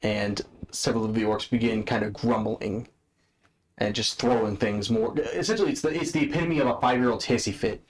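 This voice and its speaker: A man's voice: on the low side, brisk, crowd noise. A man narrating a tabletop game as game master, casual and swearing freely.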